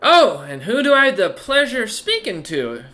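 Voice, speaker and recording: A gleeful, bloodthirsty young rogue woman with a high, sing-song voice, as a man puts her on. Her tone is bright and teasing, and it swoops up and down. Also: wildly swooping pitch, normal speed, heavily acted.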